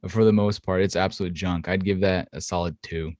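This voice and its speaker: A man co-hosting a podcast in casual chat, animated and profane, often laughing. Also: a little fast, no echo, studio quality. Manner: animated, swears, laughs often, mimics people in high voices. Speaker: podcast co-host.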